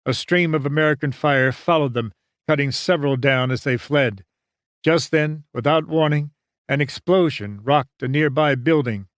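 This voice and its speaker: A man narrating an audiobook in a measured, dramatic storytelling manner. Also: fairly high pitch, dry recording, studio quality. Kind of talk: scripted narration.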